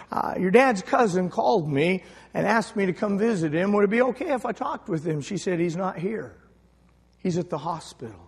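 Man, preacher, high voice, long reverb, quiet storytelling to shouting. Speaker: pastor. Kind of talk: sermon with story.

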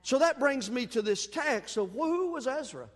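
A man preaching a sermon in a church, telling a folksy personal story in an animated, self-deprecating way. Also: very high voice, moderate pace. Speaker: pastor. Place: church sanctuary. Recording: long hall reverb.

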